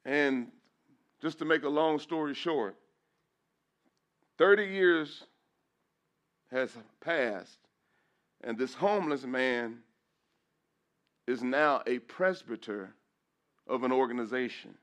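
A man's voice: mid-range voice, slow, long pauses, fairly bright tone. A middle-aged man, a pastor, giving an emotional testimony in church, preaching with repeated phrases and rising into praise. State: emotional, voice breaking at times.

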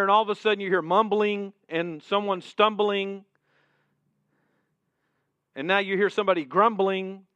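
High-voiced preacher telling a story. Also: male voice, clear, resonant tone, dry recording. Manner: vivid second-person storytelling, drops to a hush at key points. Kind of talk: sermon storytelling. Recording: dull, dry sound.

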